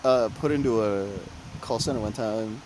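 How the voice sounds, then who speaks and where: A podcast co-host in casual chat, telling animated stories full of acted-out voices and sound effects. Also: medium pitch, normal speed, slight background noise, poor audio.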